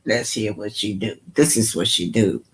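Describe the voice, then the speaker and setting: A man's voice: lowish voice, fairly even intonation, moderate pace, heavy background noise. A man hosting reaction commentary, emphatic and heated, often repeating himself and stumbling over words. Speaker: commentary host. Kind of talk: reaction commentary on video clips.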